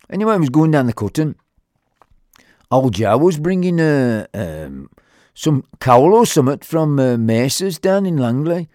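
A man's voice: mid-range voice, sing-song, moderate pace, a little mellow, dry recording, clean studio sound. A man with a Black Country accent telling a rambling, humorous story in a chatty way, full of fillers. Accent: Black Country English. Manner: rambling, chatty, with lots of fillers and quoted voices.

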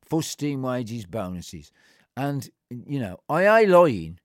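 A man's voice: big pitch swings, slow, no echo, clean studio sound. An older man recounting a personal story in a blunt, plain-spoken and colloquial way, acting out remembered exchanges. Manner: acts out remembered exchanges with shifting pitch and loudness.

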